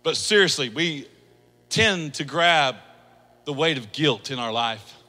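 A male pastor preaches in a high, bright voice, moving from hushed asides to animated quoted voices. His sermon rings out in a hall with a long reverb tail. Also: measured pace, soft background music. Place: church hall.

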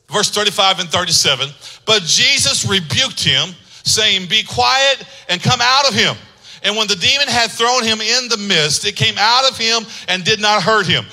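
A man preaching a sermon, moving from quiet storytelling to loud, shouted preaching. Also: high voice, low-quality recording. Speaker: pastor.

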